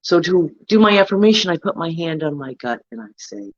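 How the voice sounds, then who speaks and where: A man's voice: a little high, very animated, a little fast, hardly any pauses, no echo, dull audio. A man hosting a casual self-help talk, coaching earnestly and often checking in with "right?". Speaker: host.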